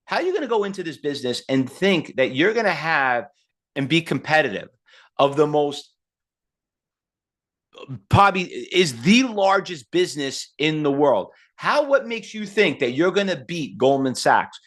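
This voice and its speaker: A man in his fifties teaching trading in a live online seminar, blunt and full of rhetorical questions, pitching to his audience. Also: big pitch swings, moderate pace, fairly bright tone. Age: 50s. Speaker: trading instructor.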